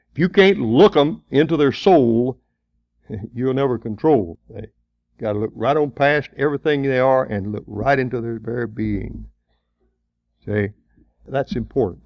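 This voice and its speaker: A man's voice: mid-range voice, dry recording, lo-fi sound. A man preaching a sermon in a folksy, conversational way, asking rhetorical questions and chuckling between points.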